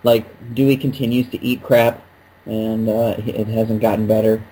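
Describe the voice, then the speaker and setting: A man's voice: fairly low pitch, monotone, measured pace, dark tone, slightly rough, rough recording. A man co-hosting a podcast, chatting casually in a jokey, rambling way. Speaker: podcast co-host. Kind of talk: casual chat.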